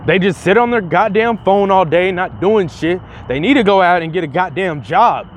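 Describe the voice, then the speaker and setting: A man's voice: sits high, lively intonation, moderate pace, a little hiss or hum. A young man putting on a grumpy older man who rants, profanely and scornfully, about lazy youth.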